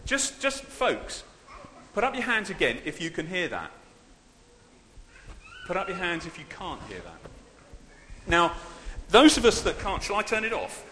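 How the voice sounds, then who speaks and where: A man gives a light-hearted sermon in a big church hall, his voice riding high and swinging lively up and down. He talks chattily and pokes fun at himself, throwing questions out to the congregation. The microphone picks up a roomy echo with a long reverb tail. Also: unhurried, a little hiss or hum. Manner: chatty and self-deprecating, with many asides to the congregation. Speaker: preacher leading a church service. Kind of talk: informal, humorous sermon. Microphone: handheld or stand microphone.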